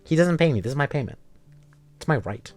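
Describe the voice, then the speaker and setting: A man's voice: on the high side, expressive, fairly quick, darkish tone, no echo, soft background music. A young man streaming a story game, chatting with his viewers in a casual, joking way and swearing freely. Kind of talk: casual live-stream chat while playing a story game.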